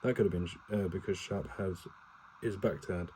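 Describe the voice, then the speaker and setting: A man's voice: low-pitched, steady tone, normal speed, dark tone, slight background noise, rough recording. A man reading a war novel aloud for his partner in a casual home read-aloud, stumbling and correcting himself, with swearing asides and no character voices.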